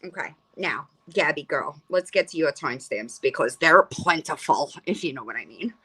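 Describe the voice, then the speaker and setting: A woman's voice: low voice, animated, moderate pace, pushed and bright, breathy edge. A middle-aged woman hosting a livestream, ranting bluntly and profanely and rambling with frequent restarts. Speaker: livestream host. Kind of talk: casual livestream rant.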